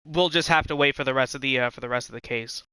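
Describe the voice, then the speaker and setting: A man's voice: mid-range voice, quick pace, pushed and bright, clear, resonant tone. A man streaming a game live, reading dialogue aloud and chatting casually with small stumbles. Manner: casual, stumbles over words. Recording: music behind voice.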